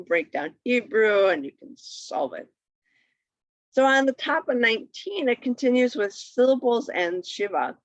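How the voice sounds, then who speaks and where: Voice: medium pitch, creaky, a bit bright, no room sound. A patient teacher walking through a Hebrew primer on a shared screen, repeating each word twice for the learner. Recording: dull lo-fi recording.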